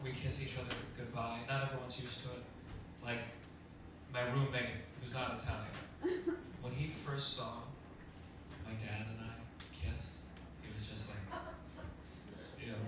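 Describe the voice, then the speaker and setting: A young man doing a stand-up comedy set on a club stage, talking in a quick deadpan way that jumps to sudden loud punchlines. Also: medium pitch. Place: comedy club stage before a laughing audience. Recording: echoey club recording from far off, loud noise.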